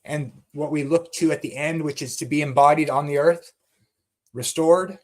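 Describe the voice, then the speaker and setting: A man teaching about the Bible in a fervent, excited way, often repeating words as he goes. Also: fairly high pitch, normal speed. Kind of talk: passionate teaching talk.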